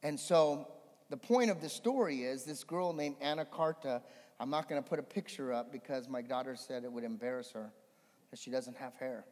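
A man preaching a sermon as a pastor, swinging between animated emphasis and hushed storytelling. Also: medium pitch, moderate pace. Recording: long hall reverb.

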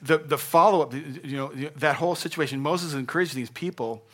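An older man preaching a sermon in an earnest, conversational way, moving between hushed and emphatic delivery. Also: a little high, normal speed, few pauses. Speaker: pastor.

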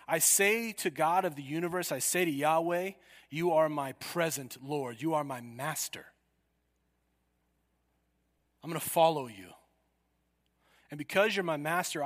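A man preaching a sermon, emphatic and full of rhetorical questions, swinging from loud declarations to hushed asides. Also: on the high side. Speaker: pastor. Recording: long hall reverb.

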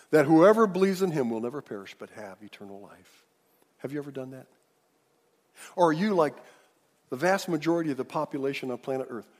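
A man pastor preaching an emphatic sermon, leading the congregation in call-and-response. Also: mid-range voice. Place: large church hall. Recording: reverberant church hall.

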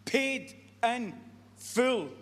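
Preaching a sermon in a high, fairly bright voice, a man sounds earnest and repetitive, often stumbling and restarting mid-sentence. He's animated and draws out his words, all ringing with the long reverb of a church hall.

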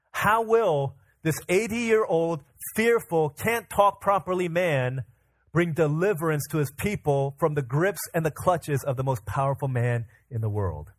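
A pastor preaching a sermon, retelling a story in a lively way with restarts and fillers. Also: male voice, a little high, no echo.

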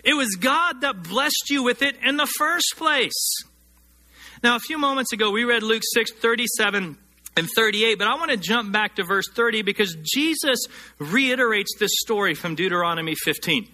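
A preaching man with a high, very bright and forceful voice. He delivers his sermon earnestly, slowing down and lifting his pitch to drive home each scripture. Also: expressive. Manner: earnest preaching, slows and rises to stress scripture. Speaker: pastor.

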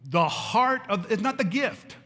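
Man, middle-aged, pastor, sermon, high voice, emphatic repetition, reverberant hall. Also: lively intonation, measured pace, a bit bright.

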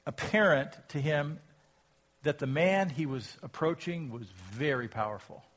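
A pastor preaching a sermon, reading scripture aloud and asking reflective, rhetorical questions. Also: male voice, on the high side. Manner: reflective, asks rhetorical questions, rises in volume when quoting scripture.

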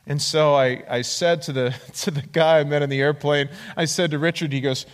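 A man preaching a sermon, telling his own story in an animated way and acting out the voices of the people in it. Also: a little high, a little fast, few pauses. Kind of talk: sermon with personal testimony. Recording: long hall reverb.

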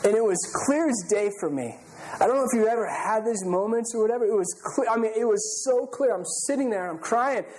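A man's voice: sits high, lively intonation, fairly quick, a little mellow, slight background noise, poor audio. A middle-aged male pastor preaching a sermon, telling stories in an earnest, conversational way with frequent restarts.

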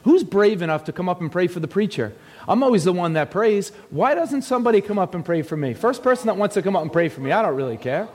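A man's voice: high-pitched, expressive, quick pace, a little mellow, long reverb tail. A male pastor preaching a sermon in a casual, joking way, teasing his congregation from the pulpit. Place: church sanctuary.

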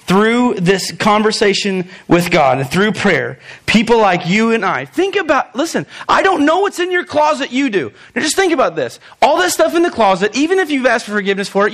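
A young man preaching a sermon, animated, joking in asides and talking straight to his listeners. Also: very high voice, moderate pace. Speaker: pastor.

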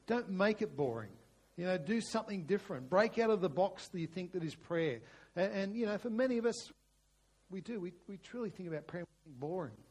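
A middle-aged man preaches in a casual, conversational way, often restarting his phrases. His voice sits a little higher than most men's, and at times it sinks to a hushed, prayerful tone. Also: husky. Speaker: pastor. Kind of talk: sermon.

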